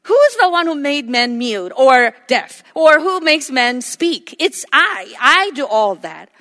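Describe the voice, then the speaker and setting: A woman preacher voicing God as a stern male voice, forceful and insistent in a reverberant hall. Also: on the high side, normal speed. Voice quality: forceful, emphatic.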